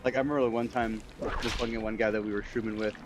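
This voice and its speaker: Ein Mann im lockeren Gespräch während eines Spiele-Streams, der lebhaft erzählt und viel flucht. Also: male voice, lowish voice, rapid-fire, background noise. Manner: animated storyteller, swears often. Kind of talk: casual chat on a game stream.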